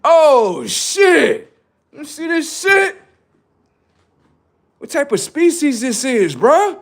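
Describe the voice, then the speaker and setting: A man voicing a crude, excited male alien who gapes at a strange species in a loud, incredulous squeal. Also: very high-pitched, extremely slow, voice pushed up, full character voice. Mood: amazed.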